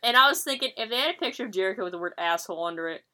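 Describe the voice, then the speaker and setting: A woman's voice: mid-range voice, expressive, rapid-fire, sharp tone. A woman co-hosting a podcast, chatting casually and bluntly about wrestling, laughing often and swearing freely. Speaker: podcast co-host. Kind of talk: casual chat recapping wrestling.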